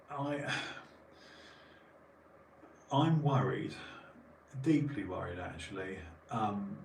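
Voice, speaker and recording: A man's voice: on the low side, darkish tone, recorded from a distance. A man hosting a podcast, ranting emphatically with many restarts. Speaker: podcast host. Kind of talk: casual podcast chat. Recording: roomy sound from off mic, faint noise.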